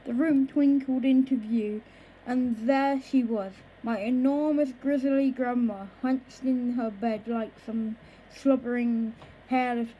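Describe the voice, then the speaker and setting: A woman reading a children's book aloud in a slow, careful way, with occasional small stumbles over words. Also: high voice, slightly rough, dull audio. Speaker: storybook reader.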